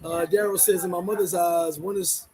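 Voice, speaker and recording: A man's voice: sits high, moderate pace, low-quality recording. A middle-aged man vlogging from the Dominican Republic, chatting casually with his viewers, laughing and acting out what people say to him. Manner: animated, laughing, quoting people in voices. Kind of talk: casual livestream chat.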